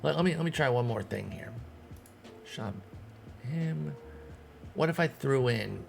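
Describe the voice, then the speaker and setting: A gaming streamer does casual let's-play commentary, thinking aloud as he runs a baseball team in a video game and talking to himself and his players. His voice is medium-pitched, expressive and creaky, at a normal speed with long pauses, over soft background music.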